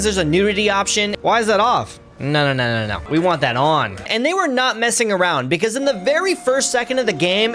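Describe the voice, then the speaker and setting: Animated, high-voiced male game commentator. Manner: sarcastic, animated, quick to laugh. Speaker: gaming YouTuber. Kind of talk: gameplay commentary voice-over.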